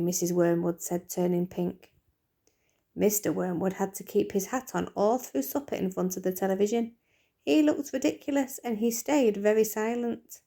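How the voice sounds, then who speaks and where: A woman teacher reading a children's book aloud in a lively, expressive way. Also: medium pitch, normal speed, creaky.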